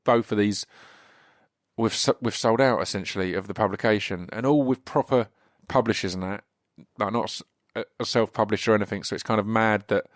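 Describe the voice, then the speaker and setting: Croaky English man hosting a podcast. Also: fairly low pitch, fairly quick, no room sound, clean studio sound. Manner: rambling, chatty, many restarts and fillers. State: slightly croaky voice. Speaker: podcast host. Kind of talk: casual solo intro.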